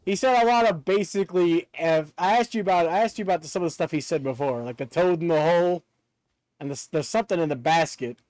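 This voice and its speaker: A man's voice: fairly high pitch, fast, a little mellow, no room sound. A male streamer chatting casually and joking with his viewers while playing a game, laughing often. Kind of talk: casual gameplay chat.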